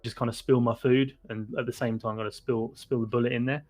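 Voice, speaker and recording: A man's voice: mid-range voice, level tone, a little fast, a little mellow. A man playing a tabletop game, rambling and restarting as he plans his moves aloud. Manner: rambling, restarting sentences while planning aloud. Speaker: player. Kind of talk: tabletop role-play chat. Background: faint background music.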